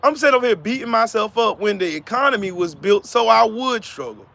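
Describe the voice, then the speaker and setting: A man's voice: sits high, fairly quick, vocal fry, pushed and bright. A man hosting a live stream, giving heated, profane commentary and talking to viewers in the chat by name. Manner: profane, fired-up, repetitive.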